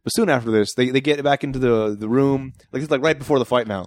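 A man co-hosting a movie review podcast, talking in an excitable way with swearing and laughs. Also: medium pitch, fast, no echo. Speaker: podcast co-host. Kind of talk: casual movie review chat.

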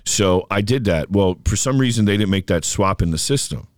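Deep-voiced man in casual chat. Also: animated, normal speed, no echo, studio quality. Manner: reactive, blunt, swears. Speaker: podcast co-host.

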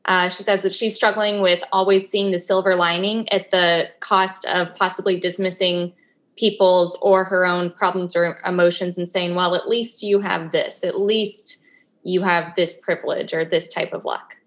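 A woman's voice: lowish voice, flat delivery, moderate pace. A woman moderating a live session, reading out audience questions to the guest.

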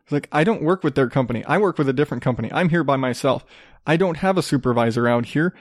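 A man's voice: mid-range voice, lively intonation, fast, no echo, studio quality. A young man hosting his own show, telling a profane, ranting story and acting out both sides of an argument. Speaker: podcast host.

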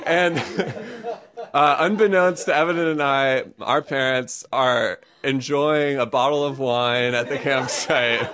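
A man's voice: mid-range voice, a little slow, a bit bright. A man telling a personal story to a live audience, chatty and self-amused, laughing often and peppering his speech with fillers.

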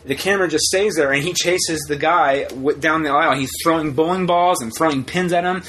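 A man co-hosting a podcast in casual chat, rambling and animated, often acting out quotes. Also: fairly high pitch, brisk, a little hiss or hum, poor audio. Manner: rambling, animated, acts out quotes in put-on voices. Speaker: podcast co-host.

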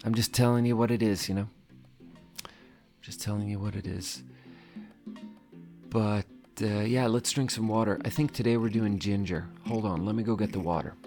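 A man's voice: lowish voice, fairly even intonation, normal speed, long pauses, darkish tone, soft background music. A man hosting a podcast and telling a story in casual chat. He laughs often, acts out what others said, and swears freely. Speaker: podcast host.

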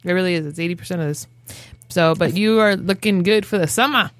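A woman's voice: lowish voice, fast talker, no room sound. A woman hosting a podcast in casual chat, jokey and playful, swearing freely. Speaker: podcast host.

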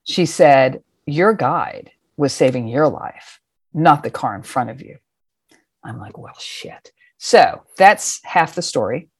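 A middle-aged woman telling a personal story in a lively, casual way, acting out the scenes and swearing freely. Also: very deep voice, slow pace, slightly rough, dry recording, studio quality. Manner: animated, acts out voices, swears casually.

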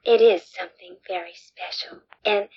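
A woman's voice: medium pitch, steady tone, normal speed, dull audio, slight background noise, natural voice. An actress playing a lonely, unhinged woman who speaks plaintively and tearfully, wavering between sweet and menacing, in film dialogue.

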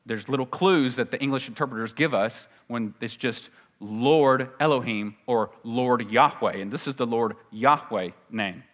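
A man preaching a sermon with a Southern US accent. He talks earnestly and conversationally, and his pitch jumps up when he acts out quoted voices. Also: normal speed, few pauses, fairly bright tone. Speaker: pastor.

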